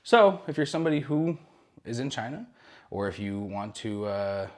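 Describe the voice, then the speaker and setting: A man's voice: medium pitch, normal speed. A young man hosting a casual cruise news roundup, chatty and rambling, with jokey asides and frequent self-corrections.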